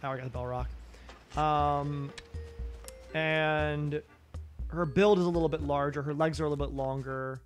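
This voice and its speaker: A man's voice: fairly high pitch, fairly even intonation, normal speed, pauses often, faint music behind. A man streaming a video game, talking casually with many um's, restarts and casual swearing. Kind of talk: casual gameplay commentary.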